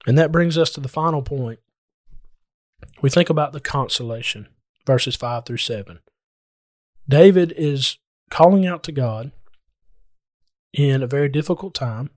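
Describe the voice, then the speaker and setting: A man's voice: on the high side, dry recording. Earnest preaching man, dry close sound. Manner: earnest preaching with slow emphatic scripture quotes. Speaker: pastor. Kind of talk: sermon.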